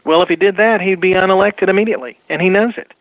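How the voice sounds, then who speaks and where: A man guest on a political talk radio show, calling in and talking fast and insistently in long run-on sentences. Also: high voice, no room sound. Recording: phone line.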